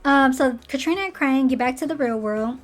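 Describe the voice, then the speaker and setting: Slightly hoarse, chatty woman ranting. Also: sits high, a little fast. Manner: chatty, animated, acts out character lines. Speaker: show commentator. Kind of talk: casual recap rant.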